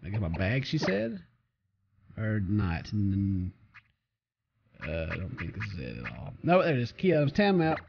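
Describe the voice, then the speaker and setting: Lively gravelly-voiced man commentating a game. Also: lowish voice, moderate pace, pauses often, a little hiss or hum. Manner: jokey, talks to game characters and reads their lines aloud. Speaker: let's play host. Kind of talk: casual gameplay commentary. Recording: slightly dull recording with faint game music.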